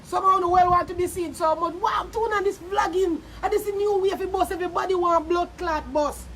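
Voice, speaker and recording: A Jamaican woman vlogger with a high-pitched voice rants straight to the camera, mocking and cursing in heated bursts. A faint hum of background noise sits under her. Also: steady tone, a little fast, fairly bright tone. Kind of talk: angry insult rant to camera.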